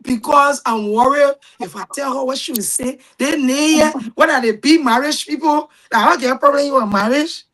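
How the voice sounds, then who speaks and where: High-voiced Liberian woman telling stories. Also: normal speed, few pauses, low-quality recording. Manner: animated storyteller, shouts quoted voices. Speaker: guest. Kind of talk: casual storytelling.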